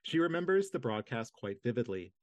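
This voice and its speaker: A man reading nonfiction history aloud in a measured, steady narration. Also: medium pitch, dry recording. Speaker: reader of a history book. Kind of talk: audiobook-style reading.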